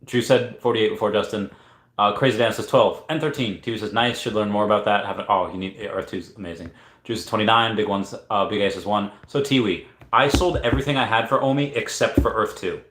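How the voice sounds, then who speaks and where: A man with a lowish, fairly bright voice hosts a casual livestream giveaway, talking a little fast as he playfully reads viewer comments aloud from the chat. Now and then he breaks into silly singing, and the room sounds echoey.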